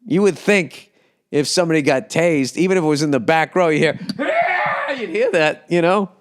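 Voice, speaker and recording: A man's voice: a little high, a little fast. Male comic, 50s, Boston accent, loose profane podcast rant. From United States. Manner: profane, animated, acts out yells and impressions. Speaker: comedian podcast host. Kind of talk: casual rambling monologue.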